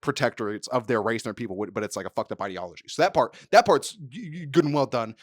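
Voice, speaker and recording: A man's voice: medium pitch, fast, no room sound, studio quality. A man co-hosting a podcast in casual chat, rambling and swearing as he acts out quotes. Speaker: podcast co-host.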